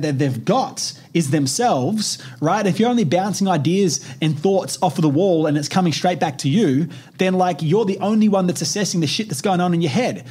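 A young man in his twenties hosts a motivational podcast in a loose, animated way. His voice sits fairly high and has a husky, slightly rough grain. He swears freely and keeps checking in with "right?" as he talks. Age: 20s. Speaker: podcast host. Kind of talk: casual motivational podcast talk.

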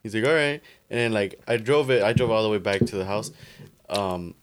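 A man's voice: on the low side, brisk. Laid-back young man explaining things. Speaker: podcast co-host. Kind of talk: casual chat.

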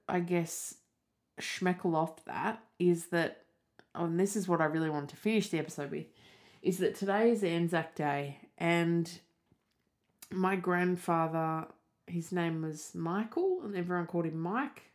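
A young Australian woman hosting a casual solo podcast, chatting in a rambling way full of "like" and "um". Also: fairly low pitch. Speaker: podcast host.

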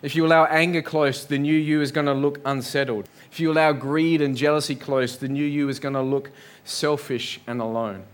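A man's voice: on the high side, steady tone, moderate pace, few pauses. A man preaching a sermon in a church, earnest, building up lists and rhetorical questions. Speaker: pastor.

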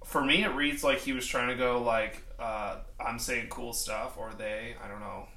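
A man's voice: medium pitch, normal speed, pushed and bright. A man co-hosting a casual podcast, joking, teasing and rambling through his thoughts. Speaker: podcast co-host. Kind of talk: casual chat. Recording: roomy echo.

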